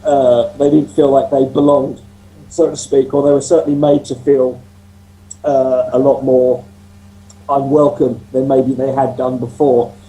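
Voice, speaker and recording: A man's voice: mid-range voice, level tone, measured pace, warm tone, low-quality recording. A man talking casually on a panel, rambling with many restarts and swearing freely, speaking into a computer mic on a video call.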